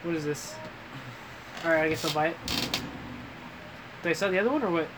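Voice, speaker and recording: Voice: mid-range voice, fairly quick, background noise. A friend in a casual chat who keeps reacting with short questions and exclamations while playing a game. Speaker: friend in the conversation.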